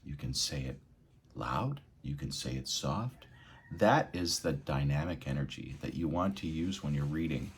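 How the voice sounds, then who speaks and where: Husky low male tutor, lively melody, unhurried delivery; for a reading lesson. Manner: expressive, swings between quiet and loud. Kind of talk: energetic spoken lesson with read-aloud demos.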